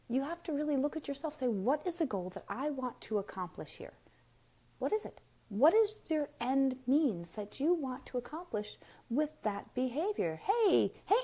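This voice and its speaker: A woman talks straight to her viewers about raising kids in a casual live stream. Her voice is mellow and warm at a middle pitch. She sounds emphatic and blunt and keeps firing rhetorical questions. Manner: frank and blunt, addresses viewers directly. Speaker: parenting speaker.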